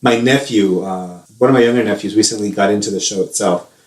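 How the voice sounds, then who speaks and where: A man in his thirties, co-hosting a podcast in relaxed, rambling chat that is full of laughs. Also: fairly low pitch, brisk. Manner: chatty, rambling, laughs often. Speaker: podcast co-host. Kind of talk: casual chat. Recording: roomy echo.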